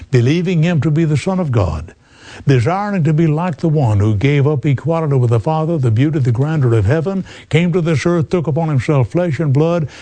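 A man in his eighties preaching a sermon, slow and earnest, often calling the listener "friend". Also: mid-range voice, warm tone, no room sound. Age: 80s.

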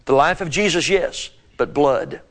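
A man's voice: a little high, unhurried, fairly bright tone. A man preaching an earnest sermon, reading scripture aloud and stressing key words.

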